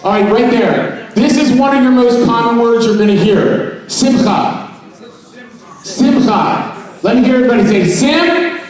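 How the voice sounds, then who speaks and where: A man's voice: very high voice, expressive, brisk, darkish tone. Joking man echoing in a big hall. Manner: joking, playful, calls on the audience to repeat words. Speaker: presenter at a trade expo. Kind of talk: comedic mock seminar to a live audience. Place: large expo hall with an audience. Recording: echoey hall, voice picked up from far off.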